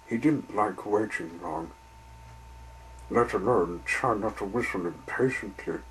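A man reading a children's story aloud in a slow, deliberate way. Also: on the low side, slightly rough, rough recording.

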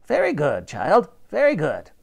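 A man's voice: fairly high pitch, wildly swooping pitch, measured pace, gravelly, heavily acted. A man voicing a grand, snappish old professor who commands and lectures. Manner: commanding, pompous, bursts of rising emphasis.

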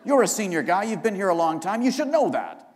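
Man reading a blunt middle-aged boss, matter-of-fact and placating, high and lively, live hall reverb. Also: a little fast.

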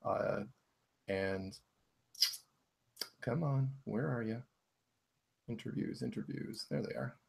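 A man's voice: mid-range voice, slow, gravelly, pauses often, a little mellow, a little hiss or hum. A man co-hosting a casual live-stream chat, rambling while he searches his screen. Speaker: co-host.

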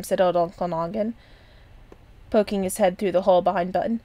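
A woman reading a children's chapter book aloud in a gentle voice. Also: on the low side, fairly even intonation, a little fast, pauses often, no echo. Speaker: storyteller.

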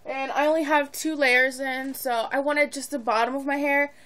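A woman's voice: high voice, steady tone, normal speed, a bit bright. A teenage girl vlogging from home in a bubbly, rambling, giggly way. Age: teens. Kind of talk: casual chat to camera. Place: at home, indoors.

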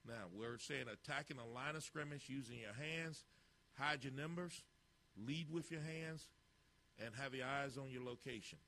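A man's voice: medium pitch, normal speed, pushed and bright. A man coaching football, narrating drill footage with blunt, clipped instructions and critiques.

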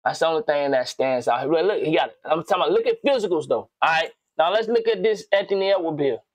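A man giving casual reaction commentary on a video, slangy and animated, rambling and swearing as he thinks aloud. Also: fairly high pitch, fast, no room sound.

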